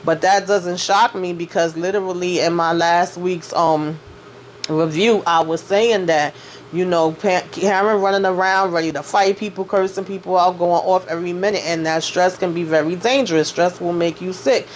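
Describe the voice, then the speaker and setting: A woman's voice: lowish voice, steady tone, moderate pace, slight background noise. A woman hosting a casual TV episode recap, chatty and opinionated, talking loosely with lots of filler words. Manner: chatty, loose and opinionated, full of "you know" and "like". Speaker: TV recap host.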